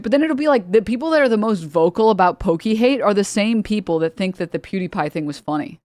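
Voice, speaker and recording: A woman's voice: medium pitch, animated, fast talker, hardly any pauses, a little mellow, dry recording. Exasperated young woman streamer, dry close mic. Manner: exasperated, rambling, sarcastic. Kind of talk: casual stream chat.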